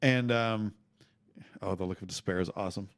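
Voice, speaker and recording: A man's voice: on the low side, moderate pace. A man co-hosting a podcast, chatting casually with sarcastic, teasing banter. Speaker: podcast co-host.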